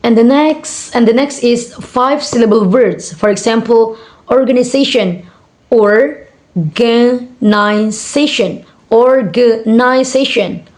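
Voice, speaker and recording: A young woman student with an Indonesian accent, reading out assignment answers hesitantly, with many fillers and slowly repeated example words. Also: fairly high pitch, a little mellow. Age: young adult.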